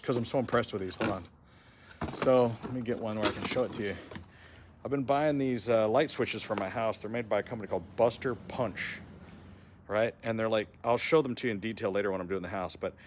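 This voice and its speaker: A man vlogging casually as he walks through his trailer and workshop, chatty and excitable, laughing often. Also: mid-range voice. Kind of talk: casual walk-around vlog.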